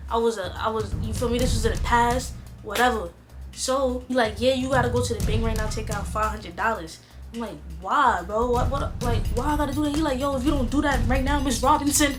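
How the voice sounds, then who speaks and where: A young adult woman vlogger telling a casual storytime in slang, acting out both sides of each conversation. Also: on the high side.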